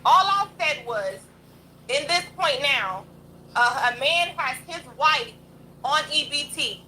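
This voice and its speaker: A young woman with a high, sharp, bright voice goes off on a livestream rant. She talks bluntly and combatively, swearing freely as she hosts her stream. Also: lively intonation, slow pace, a little hiss or hum, low-quality recording. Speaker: livestream host.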